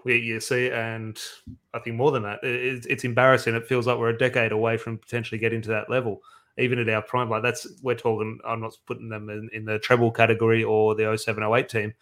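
Male co-host, flat even delivery, rambling thinking-aloud fan talk. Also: mid-range voice, fast. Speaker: podcast co-host. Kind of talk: casual football fan podcast chat.

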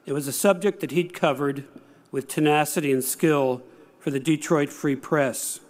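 A man in his sixties giving a prepared speech, telling stories in a measured way with dry humor. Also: a little high, darkish tone. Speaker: speaker.

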